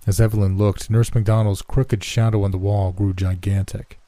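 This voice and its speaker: A man narrating a horror story in a slow, measured way. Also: fairly low pitch, little pitch movement, mellow, no echo.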